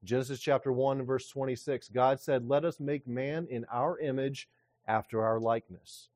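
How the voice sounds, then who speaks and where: A man pastor delivering a sermon, reading scripture slowly and preaching with emphasis. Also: mid-range voice, steady tone, darkish tone, dry recording, studio quality.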